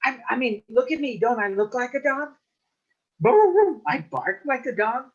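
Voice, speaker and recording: A woman's voice: moderate pace, highs cut off. A woman playing eager stammering Coyote. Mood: pleading. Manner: pleading, stammering, high and excited. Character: eager sly male coyote trickster.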